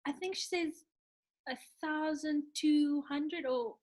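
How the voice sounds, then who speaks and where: A young woman from South Africa tells a travel story on her podcast, her voice pitched high. She talks casually and acts out the quoted lines with lively energy. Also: slow. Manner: animated, acts out quoted dialogue. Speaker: podcast co-host.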